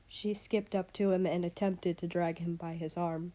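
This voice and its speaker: A woman's voice: lowish voice, flat delivery, moderate pace, hardly any pauses, mellow. A woman reading fan fiction aloud as narrator. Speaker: story reader.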